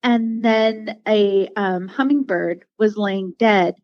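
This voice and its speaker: A woman's voice: medium pitch, takes it slowly, no echo, lo-fi sound. A woman guest on a podcast, telling a personal story in a heartfelt, rambling way, with many fillers and restarts. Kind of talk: casual storytelling interview.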